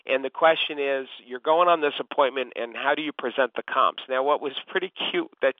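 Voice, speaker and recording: A man coaching a real estate agent over a call, explaining techniques step by step and often addressing his listener by name. His voice sits at a middle pitch and comes through a narrow, tinny phone line that sounds close and dry. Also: a little fast, dry recording. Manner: instructive, repeats the listener's name.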